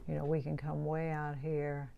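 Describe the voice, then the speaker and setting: A woman giving a relaxed painting demonstration, thinking aloud as she works. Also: sits low, normal speed, creaky, muffled recording, slight background noise. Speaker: painting teacher.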